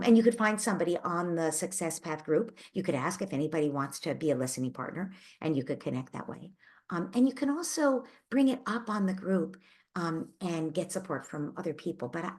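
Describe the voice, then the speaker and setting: With a slightly low, darkish voice, a parenting advice host answers a parent's question on a live Q&A. Her tone is that of an empathetic, reassuring coach, and she thinks aloud, now and then restarting a phrase.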